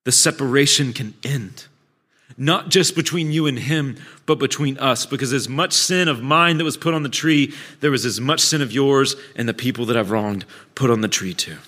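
A man's voice: mid-range voice, unhurried, a bit bright. A man, a pastor, giving a sermon with candid, self-deprecating storytelling. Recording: long church hall reverb.

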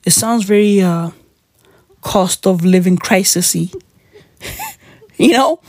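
A woman's voice: mid-range voice, slow, a little mellow, no echo, studio quality. A woman with a South African accent, ranting casually on a vlog with heavy swearing and slang. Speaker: vlogger. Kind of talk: profane casual rant.

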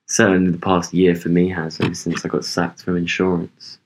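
A man's voice: low voice, monotone, fairly quick, a little hiss or hum. A young man co-hosting a podcast in loose casual chat, rambling with lots of ums and swearing. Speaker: podcast co-host.

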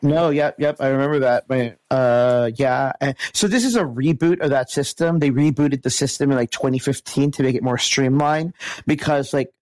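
A man guesting on a podcast, talking casually with a hoarse, worn-out voice and a rambling manner full of restarts. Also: mid-range voice, normal speed, a little mellow, no echo. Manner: rambling, many restarts and fillers. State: hoarse, lost voice.

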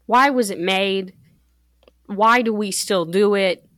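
Teenage girl, mid-pitch voice, relaxed and chatty, dry close sound. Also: slow, dry recording. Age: teens. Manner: relaxed, chatty, laughs often. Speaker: podcast co-host. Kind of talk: casual chat.

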